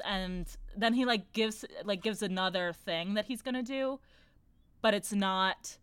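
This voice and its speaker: A woman's voice: mid-range voice, a little slow, fairly bright tone, clear, resonant tone, no echo. A woman talks through a book in casual chat with a sarcastic, mocking edge. She slips into little put-on voices for the characters. Her voice sits mid-range and sounds dry and close to the mic.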